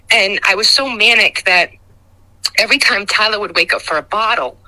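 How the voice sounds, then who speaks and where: Middle aged woman, super bright sharp voice, telling her story raw and halting. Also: medium pitch, rough recording. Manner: raw, emotional, halting recollection. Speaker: guest. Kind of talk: personal testimony.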